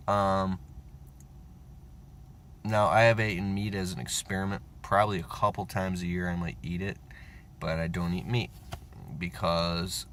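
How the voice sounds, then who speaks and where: Deep-voiced man swearing through a rambling monologue. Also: slight background noise. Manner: profane, rambling and animated, with whispered asides. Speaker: self-help vlogger. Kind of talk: casual unscripted monologue.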